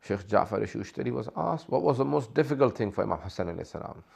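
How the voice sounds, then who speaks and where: Gravelly-voiced man preaching a sermon. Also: lowish voice, lively intonation, fast, a little mellow. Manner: impassioned storytelling, voice rising and straining when quoting. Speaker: speaker. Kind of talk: emotional religious sermon narration.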